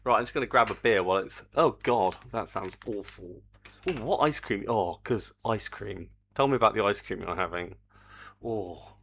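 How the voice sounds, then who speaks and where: A man's voice: fairly low pitch, moderate pace, creaky, fairly bright tone, a little hiss or hum. An older man, chatting casually on a live stream while he works on a game, reading the chat aloud and swearing mildly.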